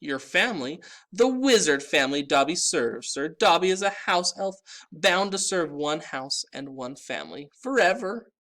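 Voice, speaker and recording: A man reading a storybook aloud and voicing a small, tearful, groveling male house elf in a high-pitched, excitable way. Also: normal speed. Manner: earnest, excitable, wailing.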